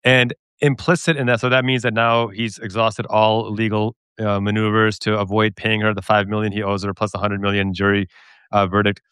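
A man's voice: on the low side, little pitch movement, brisk, fairly bright tone, clean tone, no room sound, studio quality. A man hosting a political talk show, speaking emphatically and with indignation. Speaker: podcast host. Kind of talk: political discussion.

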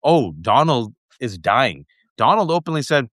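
A man's voice: medium pitch, lively intonation, normal speed, a bit bright, no echo. Man ranting sarcastically in a dry room. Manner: sarcastic, mocking voices of opponents. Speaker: political commentator guest. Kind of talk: heated political rant.

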